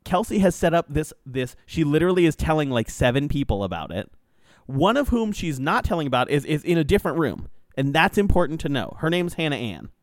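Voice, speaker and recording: Animated, foul-mouthed storytelling man. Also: on the high side, fairly quick, dry recording, studio quality. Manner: animated, profane storytelling with lots of fillers. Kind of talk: casual chat, retelling a reality show.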